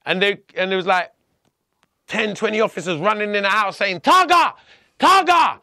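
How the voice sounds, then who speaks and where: A man telling a personal story as a podcast guest, blunt and animated, often restarting his sentences. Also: sits high, brisk, no echo, studio quality.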